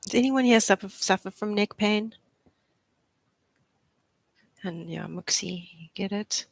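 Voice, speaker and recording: A woman's voice: mid-range voice, unhurried, creaky, no room sound. A young adult woman, a physiotherapist, leading a live posture class with encouraging, chatty cues and frequent laughs. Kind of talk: live exercise class instruction.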